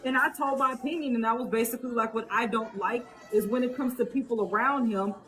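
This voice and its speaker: A woman's voice: a little high, fast, music in the background. Rambling woman hosting a live stream. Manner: rambling, restarts, conversational. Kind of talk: casual commentary on a live stream.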